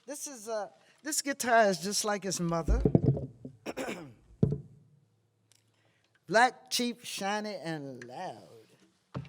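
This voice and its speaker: An older woman from Virginia, a blues singer and guitarist, talking between songs in a wry, plainspoken, low-key storytelling manner with dry humor. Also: lively intonation, extremely slow, long pauses, background noise. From Virginia, USA. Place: museum performance venue. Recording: reverberant live hall with guitar.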